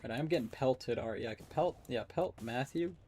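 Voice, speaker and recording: A man's voice: mid-range voice, darkish tone, slight background noise. A man giving casual, joking commentary while playing a match with a friend. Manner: joking, teasing, quick asides. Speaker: caster and player.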